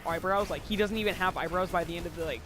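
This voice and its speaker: A man's voice: sits high, fast, very noisy. A teenage boy telling a rambling school story in casual chat, giggly and casually swearing. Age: teens.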